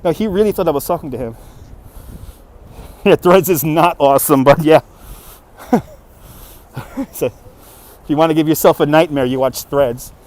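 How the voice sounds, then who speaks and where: A man with a fairly high, somewhat dark voice livestreams while walking down a city street and into a market, chatting with viewers and laughing a lot. He talks at a normal speed but pauses often. It's live walking-stream commentary, recorded on a phone mounted on a handheld gimbal.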